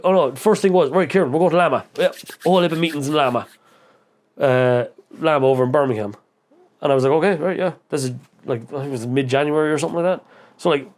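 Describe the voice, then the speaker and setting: A man from the Irish midlands with an Irish accent, a podcast guest telling stories in a casual, animated way, acting out other voices and swearing freely. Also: medium pitch. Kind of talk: casual storytelling interview.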